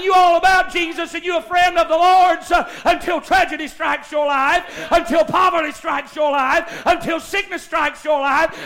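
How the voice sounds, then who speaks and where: A preacher with a very high voice, his delivery swinging from homespun storytelling into fervent, shouted appeals. The tone is bright and cutting, and it rises to a ringing edge as he presses his point. He is a man in full sermon mode, earthy and insistent. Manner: impassioned, builds to shouting, folksy storytelling.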